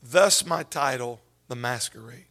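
A man preaching a sermon as pastor, swinging from hushed whispers up to shouted, tearful peaks. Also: mid-range voice, measured pace.

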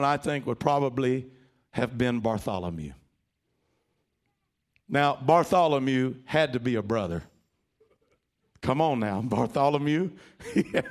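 A male preacher delivering a dramatic storytelling sermon, asking the congregation to repeat phrases. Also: medium pitch. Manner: dramatic, animated, calls for congregation responses.

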